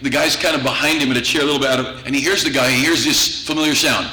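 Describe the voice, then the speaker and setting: Pastor, man, bright and forceful, humorous storytelling sermon, roomy church sound. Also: mid-range voice, fast talker. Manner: humorous, chuckles through anecdotes. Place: church sanctuary. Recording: echoey church room with faint noise.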